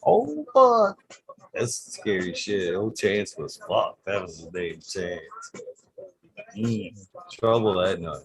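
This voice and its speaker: A man's voice: sits low, slow, a crowd in the background. A man hosting a podcast, telling wild stories in a casual, profane chat. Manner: profane, animated storyteller. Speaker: podcast host.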